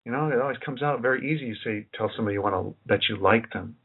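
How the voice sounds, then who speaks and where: A fast-talking man with a medium-pitched, slightly rough voice presents as an independent researcher. The lecture rambles, full of musing, repeated phrases, and restarts, and the recording is tinny and lo-fi.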